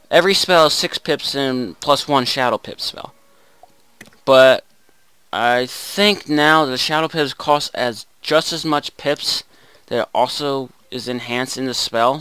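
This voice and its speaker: Young man, gameplay commentary, excitable, lively pitch, smooth voice. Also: no echo. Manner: excitable, exclaims and groans often. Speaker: gaming host. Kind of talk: let's play commentary.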